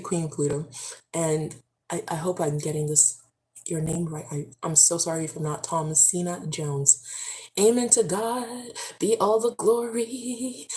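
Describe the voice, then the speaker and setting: Excitable woman chatting on a livestream. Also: on the low side. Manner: effusive and excitable, with bursts of prayerful praise. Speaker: health vlogger on a livestream. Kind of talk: casual livestream chat, reading comments.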